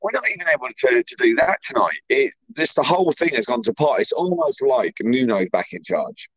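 A man's voice: medium pitch, lively intonation, fairly quick, fairly bright tone, rough recording. A man co-hosting a casual football chat, rambling and repeating words as he talks. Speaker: football podcast co-host.

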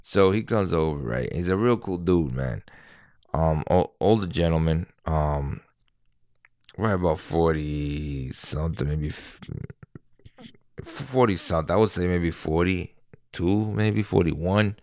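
A man in his thirties with a deep voice, talking in a casual, rambling monologue full of fillers and restarts. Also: takes it slowly, a little mellow, no echo, studio quality. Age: 30s. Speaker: vlogger.

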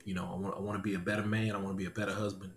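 A podcast host with a low, level voice tells a personal story at a rapid-fire pace in a casual testimony chat, with slight background noise. He's animated, laughs often and repeats his lines, and the room sounds echoey with faint ambience.

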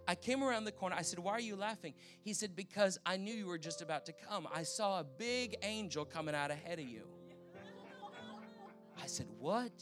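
A Canadian man preaching, telling a testimony in a lively storytelling manner and acting out the people he quotes. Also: high-pitched, fairly quick, music in the background. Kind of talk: sermon testimony.

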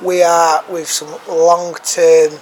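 A man's voice: on the high side, flat delivery, slow pace, poor audio. A man co-hosting a casual podcast, chatty and given to repeating himself, recorded sitting in a pub restaurant. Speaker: podcast co-host.

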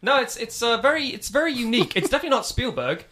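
Fast, bright man in joking banter. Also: very high voice, sing-song, a little hiss or hum. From Wales. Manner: quick, joking banter with swearing. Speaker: podcast co-host. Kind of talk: casual podcast chat.

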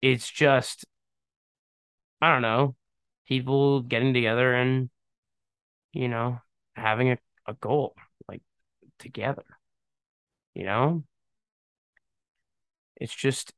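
A man's voice: mid-range voice, gravelly, a bit bright, no echo. A man hosting a casual solo podcast, talking bluntly and ramblingly with a scoffing edge and many fillers. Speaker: podcast host.

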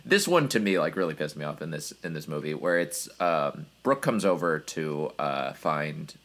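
A man's voice: very deep voice, sing-song, moderate pace, a bit bright. A man co-hosting a casual movie review podcast, giving opinions in loose run-on asides. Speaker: podcast co-host.

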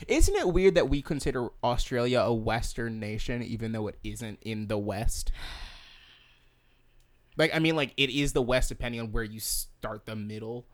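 A man's voice: mid-range voice, no echo. A man co-hosting a podcast in casual chat, jokey and rambling, laughing often. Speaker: podcast co-host.

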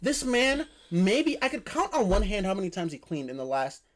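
Animated young man telling a story. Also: high-pitched, normal speed. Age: young adult. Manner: animated, repeats phrases for emphasis. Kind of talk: casual storytelling chat.

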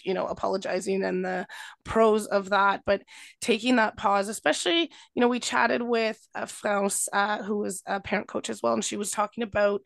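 A woman co-host with a gravelly, fry-touched voice, recorded dry and close. She chats in a thoughtful, relaxed way and drops in easy asides. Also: medium pitch, no echo. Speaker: podcast co-host, family coach. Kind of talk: casual podcast chat.

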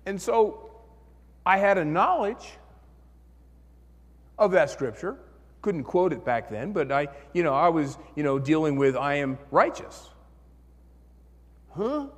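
A man preaching a sermon as pastor, telling a story in an animated way and acting out the voices in his head. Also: on the high side, unhurried, long pauses, in a large hall.

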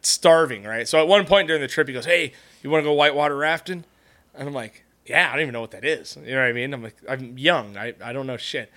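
Bright-voiced man telling a profane story. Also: mid-range voice, fast. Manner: profane, storytelling, laughs often. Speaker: podcast host. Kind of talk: casual podcast chat.

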